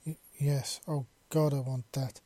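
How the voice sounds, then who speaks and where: A man reading a story voices a shy young human man who stammers softly and nervously. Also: medium pitch, flat delivery, unhurried, no room sound, close to an everyday voice. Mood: flustered.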